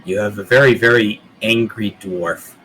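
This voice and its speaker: A man's voice: fairly low pitch, fairly even intonation, moderate pace, a bit bright, husky, poor audio. A man playing in a tabletop role-playing game, making plain, dry remarks and describing what his character does. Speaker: player. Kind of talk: casual tabletop role-play chat.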